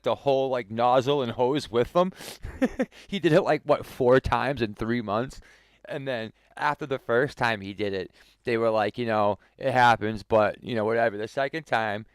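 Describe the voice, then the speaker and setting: Man, game streamer, casual anecdote, rambling, lots of fillers, chuckling, mid-pitched. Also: no room sound. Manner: rambling, full of "like" fillers and restarts; chuckles while telling the story. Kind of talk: casual storytelling.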